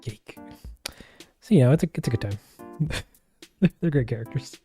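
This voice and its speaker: A man's voice: medium pitch, lively intonation, moderate pace, warm tone, faint music behind. A man chatting casually and playfully while drawing live on stream, often laughing.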